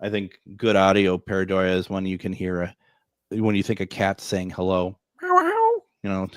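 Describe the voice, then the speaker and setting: A man's voice: low voice, flat delivery, brisk, smooth, no echo, studio quality. A man hosting a casual radio talk show, chatty and laughing often.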